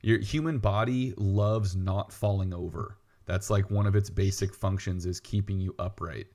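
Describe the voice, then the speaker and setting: Low-voiced man explaining lifting technique. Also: steady tone, moderate pace, darkish tone. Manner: explanatory, wry teasing. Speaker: podcast co-host, weightlifting coach. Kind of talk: casual coaching chat.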